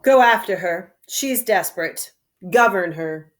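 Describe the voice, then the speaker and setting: A woman reading the part of a stern nobleman, commanding in a slow verse reading. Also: mid-range voice, animated, voice pushed down, natural voice. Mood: angry. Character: stern nobleman, the queen's husband.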